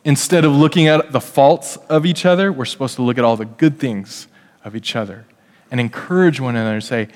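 A man's voice: fairly high pitch, moderate pace. A middle-aged male pastor preaching a family sermon, speaking directly to the kids and acting out what family members say. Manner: lively, addresses kids directly, acts out family quotes. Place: church hall. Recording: long hall reverb.

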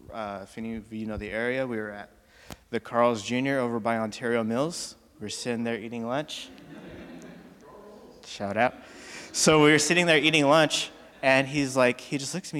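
A man giving a personal testimony in church, earnest and halting with many fillers. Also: mid-range voice. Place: church auditorium. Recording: reverberant hall sound.

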